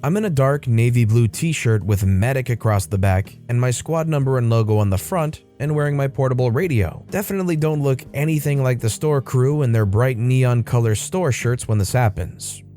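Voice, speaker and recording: Guy reading reddit-style stories, wry and chatty, mellow dark voice, faint music under. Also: mid-range voice, lively intonation, moderate pace, hardly any pauses. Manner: wry, conversational storytelling. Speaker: storytime narrator. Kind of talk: reading online stories aloud.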